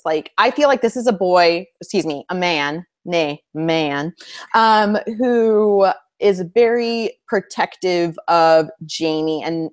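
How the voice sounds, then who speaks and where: Opinionated woman in casual chat, low voice. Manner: opinionated, animated, acts out quotes. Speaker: podcast co-host.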